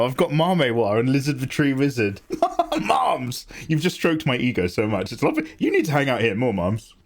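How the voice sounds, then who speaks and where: A man's voice: mid-range voice, normal speed. A young man casually chatting on an art livestream, theatrical and grumbling, with swearing. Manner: animated, theatrical complaining with swearing.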